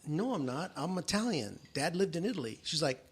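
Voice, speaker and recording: A middle-aged man hosts a podcast, telling family stories in casual chat with a high-ish, slightly fast voice that has a breathy edge. He's animated and acts out the voices of the people he quotes.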